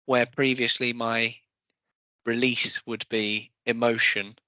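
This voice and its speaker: A man's voice: medium pitch, level tone, slow pace, pushed and bright, dry recording, low-quality recording. A man co-hosting a podcast, speaking in a hesitant, reflective way. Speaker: podcast co-host. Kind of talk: casual chat.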